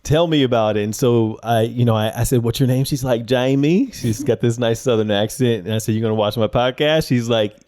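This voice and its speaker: A man's voice: medium pitch, fairly quick, hardly any pauses, a little mellow. A man co-hosting a podcast, telling stories in casual chat with lots of fillers and restarts. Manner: storytelling, many fillers and restarts. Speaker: podcast co-host.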